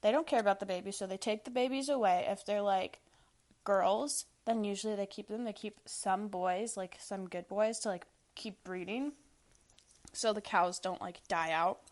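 A woman's voice: mid-range voice, normal speed, a little mellow. A young woman hosting a casual monologue of opinions, blunt and profane, filling nearly every phrase with "like". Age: young adult. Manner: blunt, profane, filler-heavy with constant "like". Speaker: podcast host. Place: Washington State.

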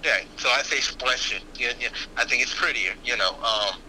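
Bright-voiced man rambling casually. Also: medium pitch, moderate pace, slight background noise, low-quality recording. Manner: rambling, with many fillers and restarts. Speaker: podcast guest. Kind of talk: casual conversation.

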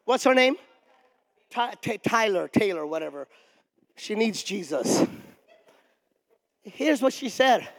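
A male pastor preaching a sermon emphatically, with shouted peaks and call-and-response with the congregation. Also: high-pitched, expressive, takes it slowly, creaky, long pauses. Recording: long reverb of a large hall.

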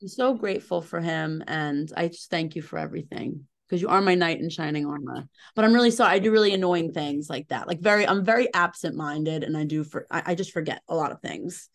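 A woman's voice: low voice, a little fast, gravelly, hardly any pauses. Chatty, self-deprecating woman telling stories. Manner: animated storyteller, self-deprecating, frequent fillers. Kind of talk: casual chat.

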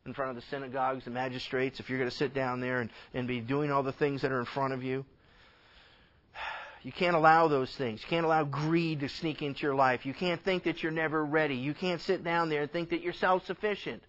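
A man, a pastor, teaching a Bible passage in an impassioned sermon, swinging from loud emphatic lines to quiet asides and acting out bits of dialogue. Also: on the high side, muffled recording. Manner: acts out dialogue with God and others in quick conversational voices.

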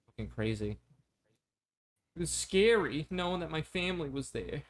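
A man in casual chat, slow and halting, with many fillers. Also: a little high, lively intonation. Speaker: friend in conversation.

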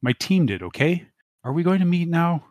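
A man's voice: fairly high pitch, sing-song, moderate pace, a little mellow, dry recording, voice pushed up. A man doing a whiny, pleading corporate stooge. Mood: whining. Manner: whining, pleading. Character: whiny, self-pitying male corporate supervisor.

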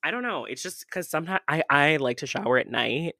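A woman's voice: expressive, brisk, no echo. Young woman, podcast host, casual chat, playful, rambling, dry sound. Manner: chatty, playful and rambling, with sudden loud jumps in pitch. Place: at home.

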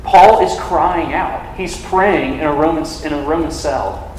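Young male preacher, casual sermon voice, slightly high, filler-heavy, echoing hall. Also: a little slow, darkish tone, slight background noise. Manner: conversational, frequent "like" fillers. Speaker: campus ministry preacher. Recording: echoey hall from a distance.

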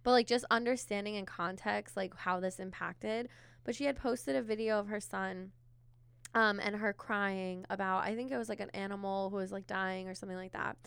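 A woman's voice: mid-range voice, steady tone, normal speed, vocal fry, fairly bright tone, clear, resonant tone, no room sound. A woman therapist co-hosting a podcast, chatting casually and filling her talk with "like" and "you know.". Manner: conversational, many filler words.

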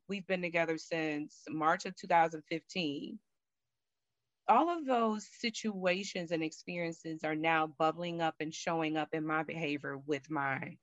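A woman's voice: lowish voice, a bit bright, no room sound, highs cut off. A woman guest telling a personal story candidly and animatedly, acting out her own thoughts.

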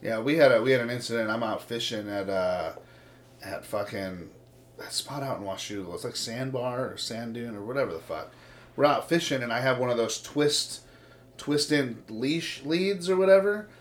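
A man's voice: medium pitch, normal speed. A man in casual chat, telling stories with lots of swearing and acted-out quotes. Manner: profane, animated storytelling with quoted voices.

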